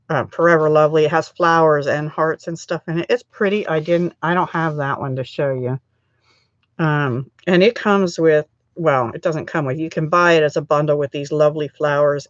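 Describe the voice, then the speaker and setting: A woman's voice: low-pitched, no room sound, highs cut off. A middle-aged woman hosting a live crafting stream, chatting in a rambling way as she works, her throat still scratchy from a cold. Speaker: craft channel host.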